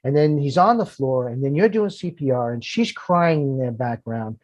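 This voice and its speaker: A man's voice: mid-range voice, lively intonation, normal speed, a little mellow, no echo. A man, a firefighter and podcast guest, telling emotional personal stories earnestly, often repeating words when moved.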